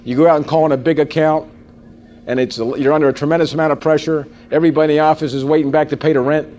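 A man in his forties giving a sales training seminar to a live audience, animated and folksy, often turning to ask the room questions. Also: fairly high pitch, quick pace, slight background noise.

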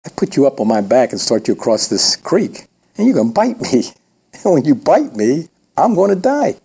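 A man voicing a wary, plain-spoken turtle in a spoken fable, with a husky voice. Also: medium pitch, very animated, moderate pace, warm tone, heavily acted. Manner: blunt, incredulous.

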